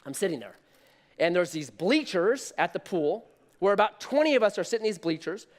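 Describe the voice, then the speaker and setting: A man in his thirties preaching a sermon, telling a story in an animated, conversational way. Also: sits high, a little fast. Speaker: pastor.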